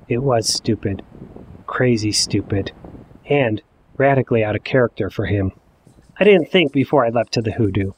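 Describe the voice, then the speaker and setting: A man in his forties telling a personal story in the first person, with wry, self-mocking, deadpan asides. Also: medium pitch. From Ohio. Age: 40s. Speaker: narrator.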